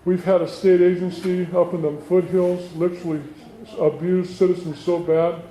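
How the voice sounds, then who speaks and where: A man's voice: high-pitched, little pitch movement, normal speed, warm tone. Man giving a speech in an echoey hall. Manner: storytelling, acts out quoted dialogue. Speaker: politician addressing residents. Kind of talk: campaign stump speech. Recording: roomy hall, faint background noise.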